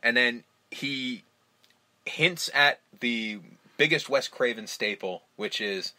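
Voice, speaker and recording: Bright-voiced man retelling movie scenes. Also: medium pitch, measured pace. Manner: animated retelling of movie scenes, heavy swearing. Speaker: podcast host. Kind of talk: casual film discussion podcast.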